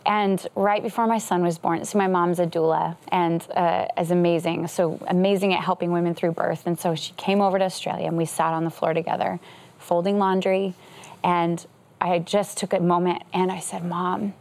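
A woman's voice: fairly low pitch, flat delivery, moderate pace, darkish tone. A woman in her thirties, a guest pastor and author, telling a personal story in a TV interview, earnest and emotional, laughing often.

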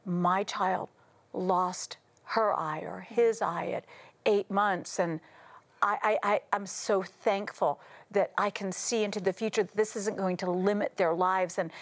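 A middle-aged American woman, a talk show guest, telling stories with lively quoted voices and frequent laughter. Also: medium pitch. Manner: animated, acts out quotes, laughs often. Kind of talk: casual talk show storytelling.

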